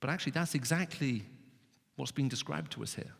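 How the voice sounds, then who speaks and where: A man giving an expressive talk to students, his voice rising sharply when pleading. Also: medium pitch, fairly quick, vocal fry. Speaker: Christian speaker. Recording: reverberant hall.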